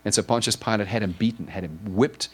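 There's a breathy edge to this man's somewhat low voice as he preaches conversationally, retelling a story. Earnest and heartfelt, he stumbles and restarts, stringing his clauses together with one "and" after another.

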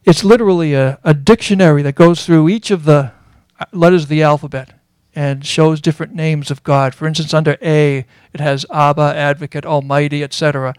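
A man giving a sermon as a Bible teacher, earnest and explanatory, pausing often with fillers. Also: on the high side, fairly even intonation, a little mellow, smooth, dry recording.

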